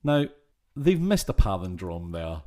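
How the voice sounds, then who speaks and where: A man's voice: low-pitched, unhurried. A man co-hosting a podcast, joking and making wordplay in casual banter. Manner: joking, wordplay, lively back-and-forth. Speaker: podcast co-host. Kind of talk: casual chat reviewing a film.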